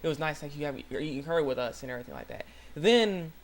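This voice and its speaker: Young guy, kinda high voice, rambles through an episode recap, lots of ums and restarts. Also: fast talker, a little hiss or hum. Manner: rambling, excitable, many fillers and restarts. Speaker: channel host. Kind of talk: casual anime episode recap.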